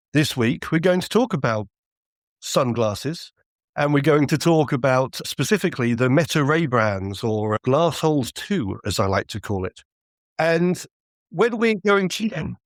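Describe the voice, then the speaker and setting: A man co-hosts a podcast in easy, casual chat, and there's a dry wit running through his delivery. His voice sits at a middling pitch, and the recording is close and dead, with no room sound at all. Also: no echo. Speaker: podcast co-host.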